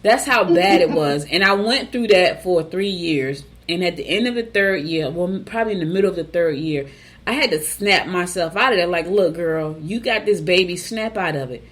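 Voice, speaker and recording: Chatty woman morning host, low voice. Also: lively intonation, normal speed, fairly bright tone. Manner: chatty storytelling with asides to listeners. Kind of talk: casual chat and reading horoscopes.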